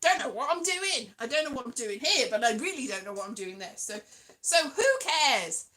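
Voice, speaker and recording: Woman, young adult, high lively voice, giggly, self-mocking vlog chat. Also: moderate pace. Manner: chatty, giggly and self-mocking, swinging from mutters to squeals. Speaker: vlogger. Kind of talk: rambling casual vlog chat.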